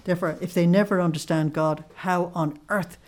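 A woman teaching on a devotional text, explaining it line by line and pausing often with "uh". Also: fairly low pitch, fairly even intonation. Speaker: religious teacher.

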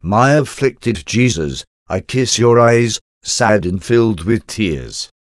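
A man's voice: fairly low pitch, expressive, slow pace, dry recording, clean studio sound. A man reading a devotional meditation aloud as a solemn, intimate prayer addressed to Jesus. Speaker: devotional reader.

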